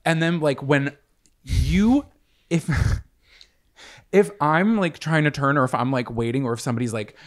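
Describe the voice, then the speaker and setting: A man co-hosting a casual chat podcast, telling stories and quoting people with lively energy. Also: mid-range voice, normal speed, long pauses. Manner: chatty storyteller, quoting others animatedly. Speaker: podcast co-host.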